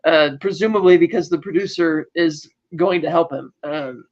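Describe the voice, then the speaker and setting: A man's voice: a little high, moderate pace, a little mellow. Man, podcast co-host, casual rambling recap, lots of restarts, muffled lo-fi sound. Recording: dull lo-fi recording.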